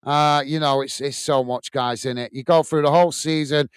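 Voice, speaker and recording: A man's voice: a little high, fairly even intonation, normal speed, clear, resonant tone, no echo. A man hosting a football watch-along, casually reading out and thanking viewers' comments with lots of fillers. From United Kingdom. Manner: chatty, friendly, many fillers, thanks viewers by name. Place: home studio room.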